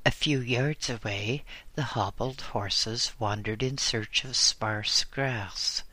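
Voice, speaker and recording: Man reading an audiobook, slow and measured, bright tone, dry close sound. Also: medium pitch, dry recording. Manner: measured, even storytelling. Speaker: narrator. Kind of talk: audiobook narration.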